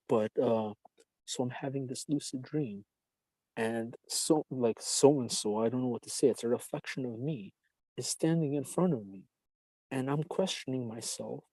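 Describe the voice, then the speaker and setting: A man's voice: mid-range voice, warm tone, dry recording, poor audio. A man in casual podcast chat, telling a rambling, profane story and acting out the voices in it. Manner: profane, rambling, laughs often, acts out voices in his story.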